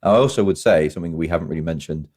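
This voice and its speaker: Man, very low voice, casual podcast co-host, rambling, self-correcting. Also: rapid-fire, darkish tone. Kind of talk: casual film chat.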